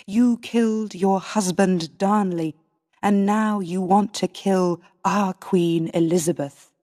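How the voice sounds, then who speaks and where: A woman reading the lines of hostile English lords in a storybook, slow and plain, with long hall reverb. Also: mid-range voice, fairly even intonation, dark tone, close to an everyday voice. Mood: accusing.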